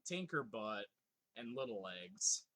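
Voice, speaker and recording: A live streamer with a lowish, sharp-toned voice speaks slowly in a sing-song way while casually commenting on his gameplay. He reads chat aloud, swears freely, laughs a lot and jokes with mock exasperation.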